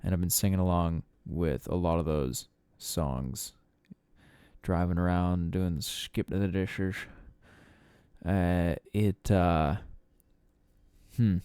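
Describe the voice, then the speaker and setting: A man's voice: deep voice, fairly even intonation, slow pace, pauses often, warm tone, clean tone, no echo, studio quality. A man hosting a casual solo podcast, rambling and swearing with lots of fillers. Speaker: podcast host.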